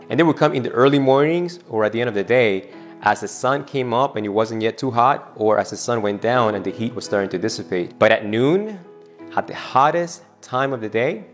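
A male pastor with a fairly low voice tells a scripture story during his sermon. He slips into the voices of the people in the scene as he retells it. Soft guitar music plays faintly behind him. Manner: retells the scripture scene, acting out both speakers' lines.

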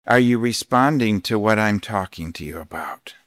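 A man voicing God as a gentle, calm presence, speaking in a hushed, slow, tender way. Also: on the low side, no room sound, clean studio sound, natural voice.

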